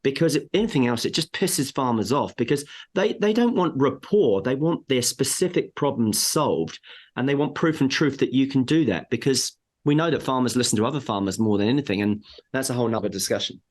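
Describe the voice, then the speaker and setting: A man's voice: mid-range voice, expressive, brisk, a little mellow. A man who is a sales trainer, a guest on an interview podcast, talking in an emphatic, coaching way and firing off rhetorical questions over a remote call. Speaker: sales and marketing trainer for agriculture.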